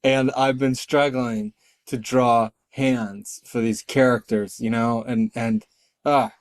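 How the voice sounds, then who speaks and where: A middle-aged man, a guest on an interview podcast, chatting casually in a lively, self-deprecating way and acting out the voices he quotes. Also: medium pitch, slow, dry recording. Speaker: guest, storyteller and artist.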